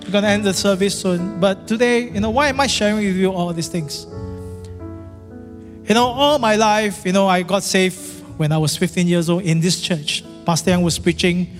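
Middle-aged male pastor, high voice, storytelling sermon in a reverberant hall with faint music. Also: normal speed. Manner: animated, repetitive, dramatic storyteller. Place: large church hall.

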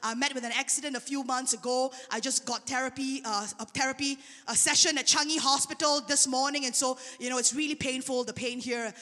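A woman preaching a sermon, telling a testimony in an animated way. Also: sits high, fairly quick, hardly any pauses. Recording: long hall reverb.

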